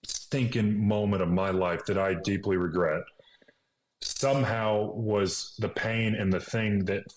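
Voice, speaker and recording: A man's voice: fairly low pitch, fairly even intonation, unhurried. A man in his thirties, a podcast guest, earnestly retelling a personal story and dropping into whispers for remembered thoughts. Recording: echoey room with faint noise.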